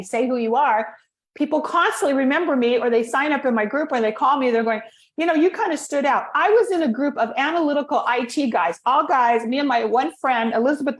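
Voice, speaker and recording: A woman's voice: on the high side, reverberant. A woman voice coach chatting casually and acting out vocal techniques as she explains them. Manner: animated, demonstrates vocal techniques. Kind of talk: casual chat.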